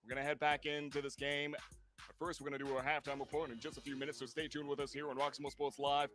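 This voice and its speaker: A man hosting a live high school football stream, giving measured color commentary with many fillers. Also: level tone, a bit bright, faint music behind. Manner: measured, filler-heavy analysis.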